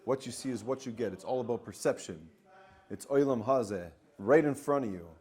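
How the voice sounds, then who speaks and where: Animated man teaching spiritual ideas. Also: mid-range voice, fairly quick, slightly rough. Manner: animated, acts out inner voices, repeats phrases. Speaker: spiritual coach. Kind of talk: teaching talk.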